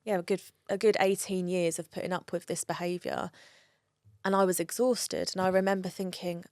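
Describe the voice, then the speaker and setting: A woman's voice: on the low side, expressive, normal speed, darkish tone, no room sound, studio quality. A woman telling a personal story in an interview, candid and emotional and swearing freely. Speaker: guest.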